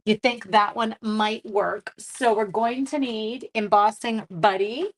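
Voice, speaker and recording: Speaking slowly in a slightly high voice, a woman runs a relaxed craft demo livestream. She reads out viewer comments and chats warmly, often poking fun at herself.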